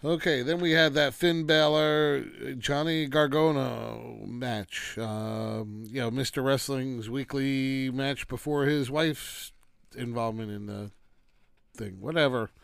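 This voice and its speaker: Male reviewer with a smooth, dry voice who rambles and rants, brushing things off casually. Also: mid-range voice, takes it slowly, no echo. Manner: rambling and dismissive, breaks into rants. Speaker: wrestling show reviewer. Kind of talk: casual solo commentary.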